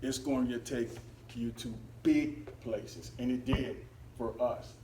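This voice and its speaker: A man giving a storytelling talk at a club meeting, animated, laughing and acting out the quotes. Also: medium pitch, slow pace, noisy background. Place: meeting hall. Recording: roomy, distant mic, faint ambience.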